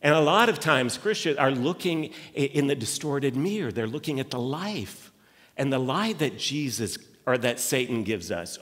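A man's voice: mid-range voice, expressive, moderate pace, a bit bright, in a large hall. A man preaching a sermon as lead pastor, talking conversationally with quoted asides and frequent restarts. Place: church sanctuary.

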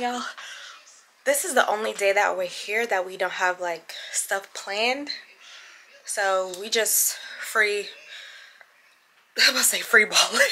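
A woman's voice: mid-range voice, pushed and bright. A young woman, chatting casually to her vlog viewers and calling them y'all. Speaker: travel vlogger. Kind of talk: casual vlog chat to camera. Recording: noisy phone-camera vlog audio.

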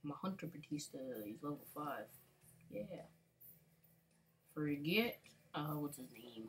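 Woman, gaming channel host, low voice, casual rambling commentary, mumbles and hums, repeats words. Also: slow, faint music behind.

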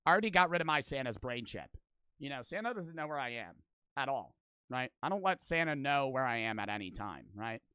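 A young man streaming his reactions to a video, joking loudly and swearing, breaking into laughs and shouts. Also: mid-range voice, big pitch swings, brisk, clear, resonant tone, no echo. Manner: loud, profane, joking, bursts into shouts and laughs. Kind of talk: casual reaction commentary.

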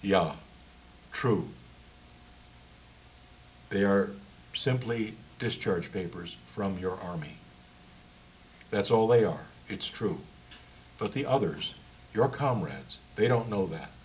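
A man reads as a young emigrant soldier who talks with careful, halting deference, searching for each word. The voice sits low, with a faint hiss of noise behind it. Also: lively intonation, low-quality recording. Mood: coaxing. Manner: hesitant, overly polite, groping for words.

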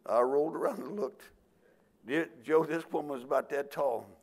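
An older man preaching a sermon as pastor, telling folksy family stories and acting out the voices and shouts in them. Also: fairly high pitch, moderate pace.

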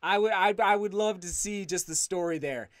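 A man's voice: high voice, normal speed, dry recording. A man in his thirties hosting a running live stream from his home studio, reading viewer messages with eager gratitude and frequent restarts. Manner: enthusiastic, grateful, often restarts words. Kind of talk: live stream chat, reading super chats.

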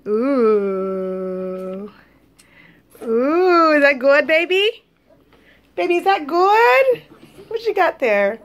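Young mom filming her twins eating dinner, high voice, chatty and sing-songy with the babies. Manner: sing-song baby talk to her toddlers. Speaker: vlogger and mother of twins. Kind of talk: casual home vlog. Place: home, at dinner time.

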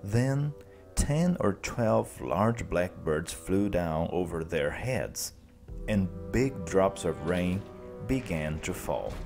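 Deep-voiced man reading a story slowly. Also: over music. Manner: slow, clear, expressive. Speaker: teacher. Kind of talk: storybook narration for learners.

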